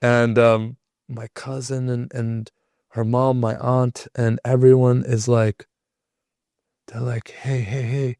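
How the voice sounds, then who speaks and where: A man's voice: mid-range voice, little pitch movement, takes it slowly, darkish tone, clear, resonant tone, dry recording. A young man, a podcast guest, telling a personal story in a casual, rambling way with lots of "like". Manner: rambling, heavy use of filler "like".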